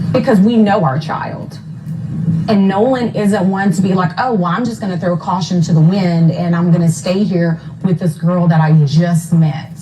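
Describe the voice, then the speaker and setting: A woman's voice: lowish voice, warm tone, a little hiss or hum, low-quality recording. A mother retelling events in an interview, detailed and careful about times, with many fillers. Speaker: mother of a missing son.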